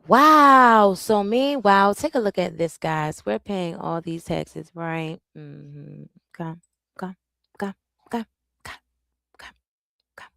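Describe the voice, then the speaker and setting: A woman's voice: fairly low pitch, a little slow, creaky, pauses often, sharp tone, no echo. A woman hosting a live reaction stream, talking loosely to her viewers, repeating herself as she juggles screens. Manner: loose, repetitive, talks to the audience while juggling screens.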